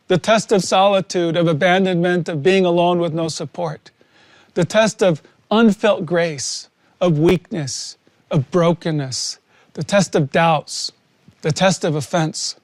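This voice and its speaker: A man giving an earnest sermon testimony, slow and emphatic with long pauses. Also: sits high, no room sound, clean studio sound. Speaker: preacher sharing testimony.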